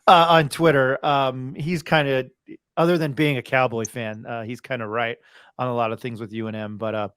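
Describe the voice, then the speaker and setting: A man's voice: medium pitch, fairly even intonation, moderate pace, a bit bright, clear, resonant tone, no echo, studio quality. A man hosting a sports podcast, talking casually with many restarts and reeling off game scores. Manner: rambling, restarts and fillers, reels off scores. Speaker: podcast host.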